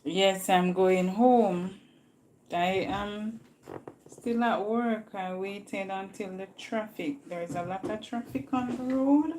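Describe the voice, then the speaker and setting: A woman's voice: mid-range voice, slow, dark tone, slight background noise. A woman with a Jamaican accent chatting casually with viewers on a live stream, talkative and laughing often. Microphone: phone.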